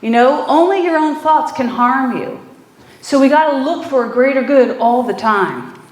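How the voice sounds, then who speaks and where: A woman with a high, bright voice preaches in an informal, chatty way, full of "you know" and quick laughs. Her words ring out in a roomy, echoing church hall. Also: expressive. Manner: conversational, warm storytelling with fillers and laughs. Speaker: minister. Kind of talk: sermon. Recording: echoey room.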